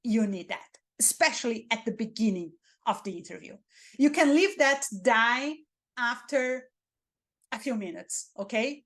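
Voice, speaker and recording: A woman with a Spanish accent, a native Spanish speaker, giving interview coaching and acting out dull and excited ways of talking. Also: fairly high pitch. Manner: animated, demonstrates dull and excited delivery. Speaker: career mentor.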